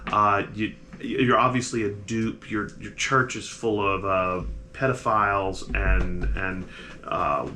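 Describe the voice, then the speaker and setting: A man narrating a tabletop game as game master, halting and restarting his sentences. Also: on the low side, fairly even intonation, sharp tone, slight background noise. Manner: halting, full of restarts and fillers.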